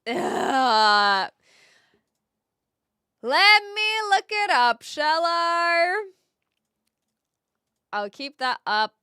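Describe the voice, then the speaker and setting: A woman's voice: high-pitched, big pitch swings, extremely slow, pauses often, pushed and bright, dry recording, studio quality. A young woman streaming live, chatting casually with her viewers in a scattered way, full of fillers and restarts. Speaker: livestream host. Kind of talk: casual livestream chat with viewers.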